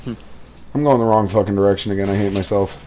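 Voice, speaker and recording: A young man casually chatting while playing a game, telling stories in an animated, profane way. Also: on the low side, fairly quick, slight background noise. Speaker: gaming commentator. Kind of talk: casual gaming chat.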